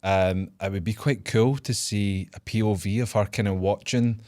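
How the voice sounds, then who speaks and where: A man's voice: on the low side, steady tone, normal speed, darkish tone, no echo, clean studio sound. A man co-hosting a casual podcast, laughing often as he lays out long fan theories. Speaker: podcast co-host. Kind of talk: casual chat.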